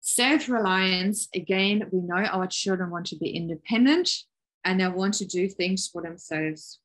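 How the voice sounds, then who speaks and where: A middle-aged woman giving a parenting webinar over a video call, calm and encouraging, explaining with everyday examples. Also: fairly low pitch, a little slow, rough recording. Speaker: parenting workshop presenter. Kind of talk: webinar presentation.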